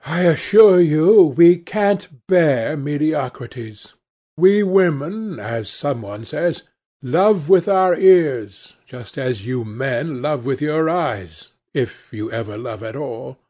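A man's voice: a little high, animated, takes it slowly, dark tone. A man reading aloud and voicing a flirtatious, witty aristocratic duchess with an arch, teasing manner. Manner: teasing, mock-sad, arch.

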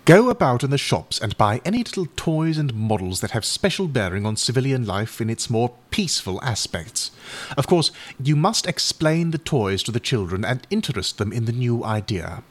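A man reading aloud and voicing a brisk, insistent, well-meaning Edwardian mother who lectures her brother firmly. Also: medium pitch, sing-song, pitched above the performer's own voice. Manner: bossy, firm, lecturing.

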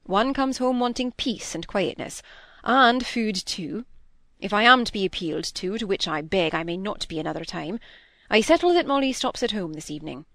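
A weary middle-aged country doctor, as a woman reading a novel aloud plays him, brisk and gruffly affectionate. He talks quickly, like a man with little time to spare. The sound is dry and close. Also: mid-range voice, lively intonation, fairly bright tone, no echo.

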